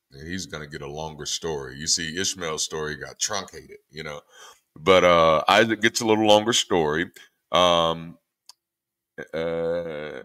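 A man, a former pastor, talking casually through scripture with an animated, irreverent manner and frequent repeated-word restarts. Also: sits low, normal speed. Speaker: former pastor leading a Bible study. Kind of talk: casual spoken commentary on scripture readings.

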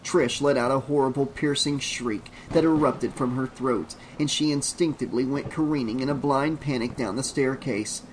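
A man narrating an audiobook in a dramatic way, slowing down on grim details. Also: medium pitch, slight background noise, poor audio.

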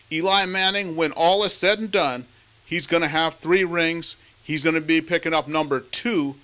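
Male sports host, high and bright, emphatic analysis chat. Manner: emphatic, leads the questions.

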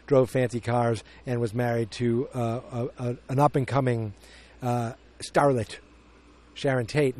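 A man's voice: medium pitch, darkish tone. Rambling man reviewing a movie. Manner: rambling, self-correcting, opinionated. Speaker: podcast host. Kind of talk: casual movie review chat.

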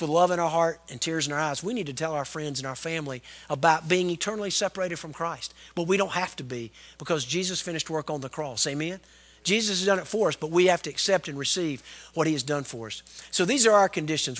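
A man, preaching a sermon as pastor in an animated, folksy storytelling way. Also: on the high side. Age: 40s.

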